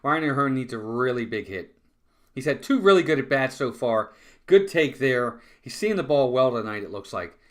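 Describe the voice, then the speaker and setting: A man's voice: medium pitch, normal speed. A man doing live fan play-by-play of a baseball game, talking to his chat and venting when calls go against his team. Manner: excitable, groans and vents frustration at calls.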